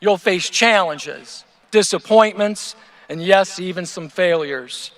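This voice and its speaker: A man from Ohio speaks from a podium microphone at an outdoor stadium, his fairly high voice moving slowly and deliberately through a prepared address. His delivery is earnest and measured, building through rhetorical lists. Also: a bit bright. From Ohio, USA. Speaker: teacher giving commencement speech. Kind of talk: prepared ceremonial speech.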